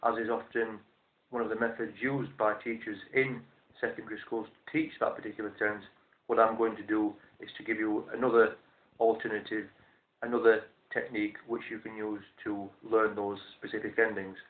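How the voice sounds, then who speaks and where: A man teaching a language lesson, explaining step by step in a measured, methodical way and repeating each form slowly. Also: on the low side, level tone. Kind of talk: instructional explanation. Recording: roomy, tinny phone-like sound.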